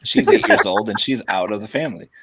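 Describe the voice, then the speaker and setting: Deadpan, teasing male co-host. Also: lowish voice, quick pace, very noisy. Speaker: podcast co-host. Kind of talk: casual sports podcast chat.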